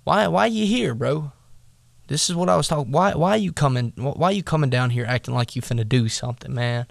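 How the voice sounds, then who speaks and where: A man's voice: medium pitch, a little fast, vocal fry, no room sound, clean studio sound, natural voice. A man doing a scornful big brother. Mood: taunting. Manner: mocking slangy taunts. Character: scornful older brother, young man, taunting.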